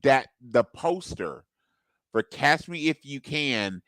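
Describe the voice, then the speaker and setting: A man's voice: mid-range voice, animated, takes it slowly, fairly bright tone, dry recording, rough recording. A man co-hosting a casual podcast, who thinks aloud with restarts and upbeat asides. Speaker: co-host.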